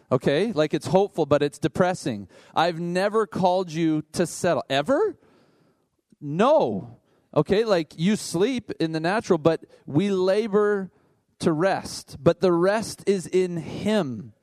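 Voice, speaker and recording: A man who is a worship leader, preaching in a conversational, animated way with asides to the congregation. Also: on the high side, dry recording. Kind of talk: sermon.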